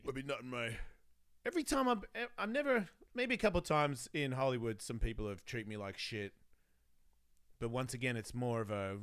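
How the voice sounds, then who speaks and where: Middle-aged guy hosting a talk show, bright punchy voice, swears a lot, acts out everyone he quotes. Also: mid-range voice, fairly quick, smooth. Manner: animated, acts out the people he quotes. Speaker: radio host and podcaster. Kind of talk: casual profane chat.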